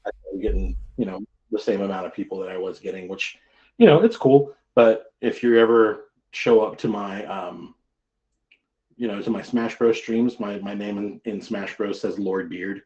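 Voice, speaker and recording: Brief: lower-voiced man, light Texas accent, loose rambling talk, dull lo-fi call audio. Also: moderate pace, darkish tone. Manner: chatty, rambling with fillers. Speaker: streamer guest. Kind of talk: casual chat on a stream.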